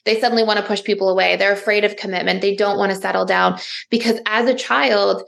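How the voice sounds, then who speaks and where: A woman's voice: medium pitch, fairly even intonation, fast, vocal fry, a bit bright. A woman therapist, a podcast guest, explaining ideas fluently with everyday examples and a lot of "like". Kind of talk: explanatory interview talk.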